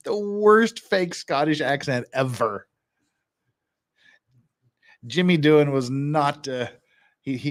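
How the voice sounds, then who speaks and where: A man casually commenting on a hearing video, chatty and full of quick asides. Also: medium pitch.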